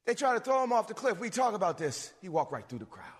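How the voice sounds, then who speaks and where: A man preaching a sermon, animated, swinging between loud bursts and low asides. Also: fast, slightly rough. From suburbs. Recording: long reverb of a hall.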